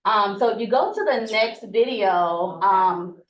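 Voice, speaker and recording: A woman's voice: medium pitch, unhurried, poor audio. A woman with a Southern US accent giving a casual how-to talk to a group, with many fillers. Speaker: presenter.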